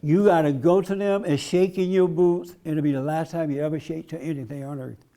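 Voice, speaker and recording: A man's voice: a little high, steady tone, a little fast, dark tone. A man giving a blunt, emphatic preaching-style talk at a conference, laughing along with his audience. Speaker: conference speaker.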